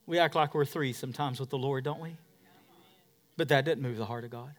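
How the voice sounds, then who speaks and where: A pastor with a mid-range voice preaches fairly quickly, swinging between shouted emphasis and hushed asides. He leans on repetition and call-and-response.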